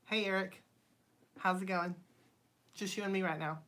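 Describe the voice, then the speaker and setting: Lady livestreaming from her home studio, reading comments, bright voice, lots of ums. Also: medium pitch, fairly even intonation, normal speed. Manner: chatty, reads viewer comments aloud; frequent ums and bright laughs. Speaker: channel host. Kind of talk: casual livestream chat.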